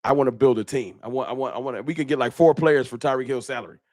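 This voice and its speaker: A man hosting a casual live-stream fan talk show, animated and slangy, often repeating his words. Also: mid-range voice, rapid-fire, no room sound, clean studio sound.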